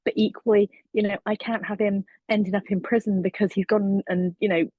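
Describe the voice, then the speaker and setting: A woman's voice: mid-range voice, level tone, fairly quick, husky, no echo, phone-quality sound. A woman joining an online parenting session on a video call, speaking candidly and gratefully, with frequent "you know". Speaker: participant in online training. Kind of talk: casual chat.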